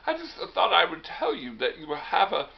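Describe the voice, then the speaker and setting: A man's voice: on the high side, huge pitch swings, normal speed, vocal fry, voice pushed up, heavily acted. A man voicing a chatty, cheerful female spirit medium in a comedy skit, polite and matter-of-fact. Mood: breezy. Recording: dull lo-fi recording.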